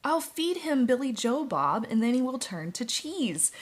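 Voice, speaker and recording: A woman's voice: sits high, sing-song, measured pace, voice pushed up, exaggerated voice. A woman reading the lines of a scheming male big bad wolf in a storybook, in a sly, plotting way. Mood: devious.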